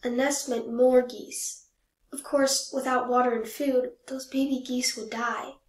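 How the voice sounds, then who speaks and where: A woman reading a children's picture book aloud in a gentle, measured storytelling voice. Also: high voice, little pitch movement. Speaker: storybook reader. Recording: echoey room.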